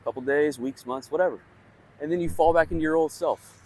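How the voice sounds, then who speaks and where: A man's voice: fairly high pitch, fairly quick, darkish tone. A young man talking bluntly and casually to camera, swearing often and padding his thoughts with fillers as he shares self-help reflections. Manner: blunt, profane, conversational, heavy on fillers. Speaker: vlogger sharing personal growth.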